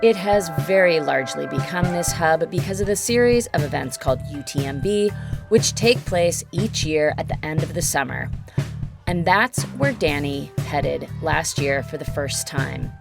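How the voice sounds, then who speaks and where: A woman host reads scripted narration in a measured, informative way. Her voice sits very low with a gravelly edge, and guitar music plays under her. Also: animated. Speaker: podcast host. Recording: narration over a music bed.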